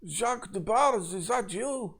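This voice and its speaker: A man voicing an excitable old French prisoner with a put-on French accent. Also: high voice, measured pace, pitched above the performer's own voice, full character voice. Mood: excited.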